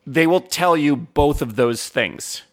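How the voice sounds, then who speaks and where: A man's voice: a little high, animated. Rambling, profane man chatting casually. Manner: rambling, profane, quick asides. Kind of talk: casual chat.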